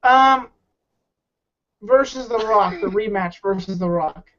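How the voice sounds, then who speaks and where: The audio is muffled and lo-fi as a guest chats casually in an interview, his high, slightly bright voice unhurried. He rambles hesitantly and keeps restarting his thoughts.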